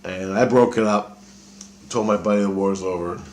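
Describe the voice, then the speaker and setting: A deep, low-pitched man telling a long personal story to camera. He talks loosely and profanely, often trails off mid-thought, and is backed by a faint ambient hum. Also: steady tone, normal speed, a little mellow, reverberant. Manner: casual, profane, trailing off with fillers. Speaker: vlogger. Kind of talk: rambling personal monologue.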